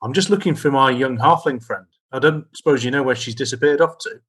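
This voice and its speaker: Male player, bright tone, polite in-character chat. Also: mid-range voice, brisk, husky. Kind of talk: in-character tabletop play.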